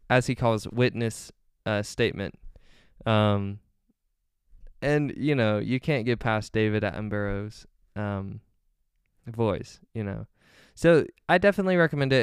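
A man's voice: medium pitch, smooth, dry recording, clean studio sound. A young man hosting his own podcast, chatting casually and rambling off on side stories with lots of ums. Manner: rambling, easily sidetracked, frequent ums. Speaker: podcast host. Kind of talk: casual solo podcast chat.

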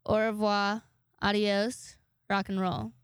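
A young woman hosting a solo podcast speaks slowly in a medium-pitched, level, clear and resonant voice, captured in a dry recording. She rambles casually, swearing plenty and joking at her own expense.

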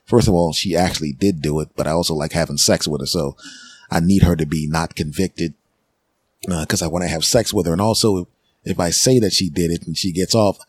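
A man hosting a podcast, telling a funny story with lively, repetitive comic phrasing. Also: sits low, fairly quick, husky, dry recording. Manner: animated, repetitive comic retelling. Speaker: podcast host. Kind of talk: comedic storytelling monologue.

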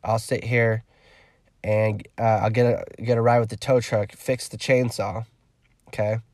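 A man's voice: lowish voice, measured pace, dry recording. A young man telling a rambling, profane story in a casual vlog, acting out the dialogue. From California. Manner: rambling, profane, animated retelling with quoted dialogue. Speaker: vlogger.

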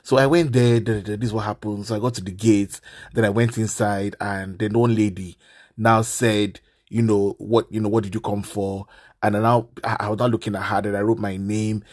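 A man, hosting a casual podcast and ranting in an animated, exasperated way. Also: lowish voice, brisk.

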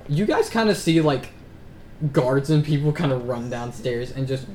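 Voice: mid-range voice, animated, moderate pace, a little mellow, slight background noise. Game master narrating loosely with fillers. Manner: rambling narration with many fillers.

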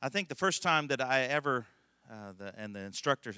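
A man's voice: medium pitch, lively intonation, a little fast, sharp tone, clear, resonant tone, dry recording, studio quality. A middle-aged male pastor telling a rambling, folksy story in a conversational sermon, laughing often.

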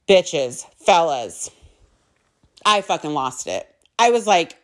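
A woman's voice: medium pitch, very animated, slow. A young woman, a mother, telling a personal story in an emotional, emphatic monologue, swearing and repeating herself for stress.

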